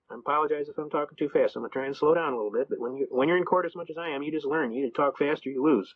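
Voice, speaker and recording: Fast-talking folksy man, lo-fi audio. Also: fairly high pitch, husky. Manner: rapid, colloquial, double negatives. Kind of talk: folksy storytelling lecture. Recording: dull lo-fi audio.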